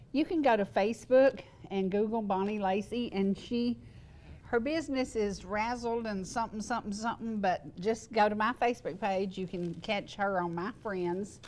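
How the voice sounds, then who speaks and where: An older woman hosting a local TV talk show, chatty and quick to laugh, wheezy and congested. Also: mid-range voice, darkish tone, slight background noise. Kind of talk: casual chat. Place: TV studio set.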